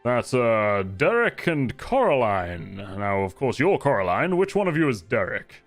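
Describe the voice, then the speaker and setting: A man's voice: mid-range voice, big pitch swings, unhurried, faint music behind. A man playing a cheerful, boastful male marshal in shining plate armor, with a jovial, theatrical, teasing way of talking.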